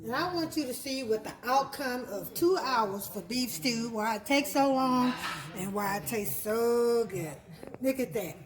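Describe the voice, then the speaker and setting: A woman's voice: fairly high pitch, lively intonation, measured pace, a crowd in the background, poor audio. A woman from Texas, chatting her way through a home cooking demonstration in a kitchen. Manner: chatty, homey, repeats words while explaining. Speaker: cooking vlogger.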